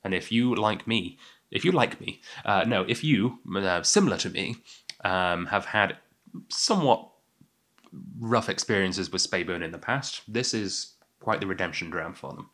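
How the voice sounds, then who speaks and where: A man's voice: deep voice, lively intonation, moderate pace, a bit bright. A young man with an English accent hosting a casual whisky tasting, chatty and self-deprecating with many fillers. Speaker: whisky podcast host.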